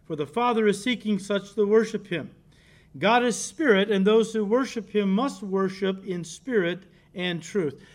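A man's voice: sits high, normal speed. A male pastor preaching a sermon, emphatic and direct with the congregation, repeating key words for stress.

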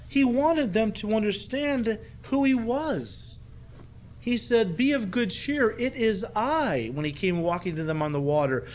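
A man preaching an expository sermon in a conversational way, acting out quoted lines as he teaches. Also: fairly high pitch. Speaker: pastor.

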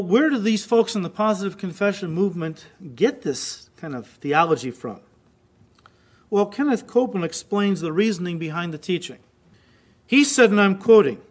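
A man preaching a sermon, reading quotations aloud and acting them out with rising intensity. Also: sits high. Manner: reads quotes aloud, mimicking voices with rising intensity. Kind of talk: recorded sermon.

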